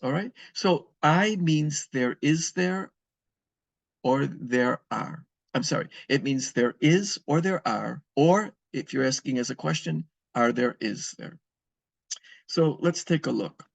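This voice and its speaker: A man's voice: on the high side, lively intonation, takes it slowly, creaky, no room sound. A man teaching a beginner language lesson, patiently repeating and spelling out words for his students. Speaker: Spanish teacher. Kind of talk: recorded classroom lesson.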